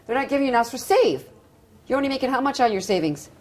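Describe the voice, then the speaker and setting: A woman with a Midwestern American accent hosting a casual interview, chatty and quick to laugh. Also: high-pitched, lively intonation. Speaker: interview host. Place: castle event venue.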